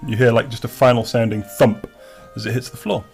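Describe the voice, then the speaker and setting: A man's voice: medium pitch, fairly even intonation, a little fast, gravelly, a little mellow, soft background music. A man narrating as game master of a tabletop game, rambling with many restarts and fillers.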